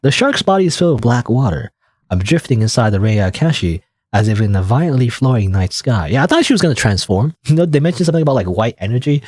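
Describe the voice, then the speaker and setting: Here the man talks fast at a medium pitch with big swings and a darkish tone, recorded dry. He rambles through a visual novel, reading and commenting casually in let's-play fashion, peppering it with "like" and "you know."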